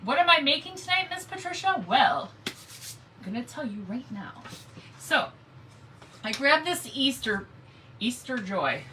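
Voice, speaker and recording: A woman's voice: fairly high pitch, bright, forceful tone, distant mic, slight background noise, rough recording. A woman hosting a live craft stream, chatting casually and greeting viewers by name as she works. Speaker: craft livestream host.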